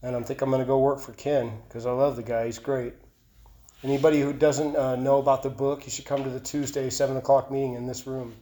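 A man's voice: medium pitch, level tone, fairly quick, mellow, a little hiss or hum. A man giving an earnest, confessional personal testimony at a recovery meeting, often repeating and restarting his phrases. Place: meeting room. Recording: echoey meeting room.

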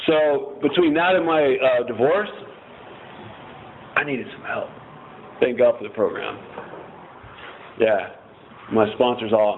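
A man's voice: medium pitch, moderate pace, long pauses, slight background noise. Rambling, joking man on a tinny line. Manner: rambling, profane, joking and self-mocking. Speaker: member sharing at a recovery meeting. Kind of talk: casual personal share. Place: recovery group meeting. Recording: tinny phone-like recording.

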